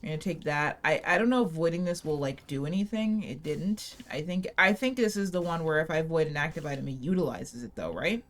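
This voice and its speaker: A woman's voice: deep voice, expressive, brisk, few pauses. A young woman chatting casually over gameplay in a rambling, profane, self-mocking way. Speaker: gaming channel host.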